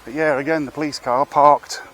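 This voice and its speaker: An Englishman on a street walk outdoors in town delivers casual, rambling, wry commentary as a street vlogger, swearing casually. His voice is on the high side and a bit bright, fairly quick with fairly even intonation, and there's a little hiss or hum.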